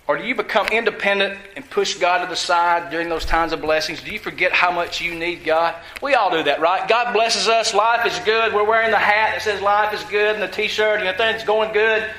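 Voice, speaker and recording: High, bright-voiced preacher. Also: male voice, echoey room, poor audio. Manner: asks the congregation questions and answers them himself. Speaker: pastor. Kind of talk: teaching sermon.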